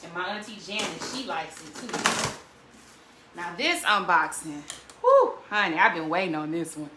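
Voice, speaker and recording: An older woman, hosting a casual cooking vlog and chatting warmly and animatedly to her viewers, laughing often. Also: lowish voice, sing-song, moderate pace, background noise. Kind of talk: casual unboxing chat to viewers.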